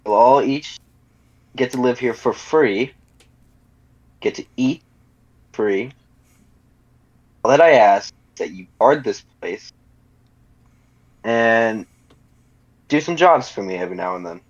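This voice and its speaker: A man's voice: medium pitch, lively intonation, slow, long pauses. A man playing a stern gang boss, lo-fi. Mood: persuading. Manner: stern, rambling, with self-corrections. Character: commanding male gang boss, stern and threatening.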